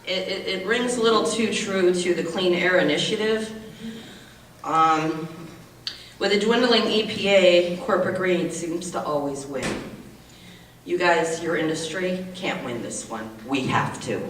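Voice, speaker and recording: Impassioned woman at a public hearing, booming hall reverb with faint noise behind. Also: measured pace. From United States. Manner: indignant, repetitive, emotional. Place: large public meeting hall. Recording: echoey hall, distant mic, faint noise.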